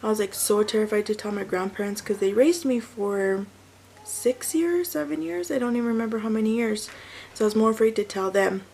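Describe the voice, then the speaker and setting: Gravelly-voiced woman telling a story. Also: medium pitch, lively intonation, a little fast, darkish tone, a little hiss or hum, low-quality recording. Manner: chatty, self-correcting, rambling with fillers. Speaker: vlogger and mother. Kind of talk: casual story time.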